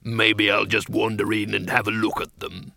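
A man voicing a hearty invisible male bogeyman in a storybook reading, with a gruff, boisterous manner. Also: on the low side, slow pace, sharp tone, pitched below the performer's own voice, exaggerated voice. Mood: reluctant.

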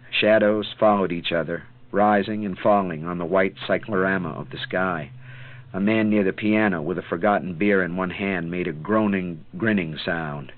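A man narrating an audiobook in a measured, dramatic way. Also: sits low. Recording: tinny phone-like sound.

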